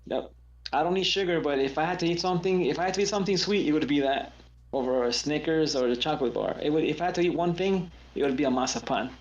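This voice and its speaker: A man's voice: on the high side, quick pace, reverberant, dull audio. A man chatting casually as co-host, laid-back, often repeating himself. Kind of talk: casual chat.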